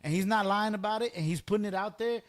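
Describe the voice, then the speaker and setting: A man hosting a podcast in loud, slangy casual chat, swearing often. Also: sits high, fast talker. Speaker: podcast host.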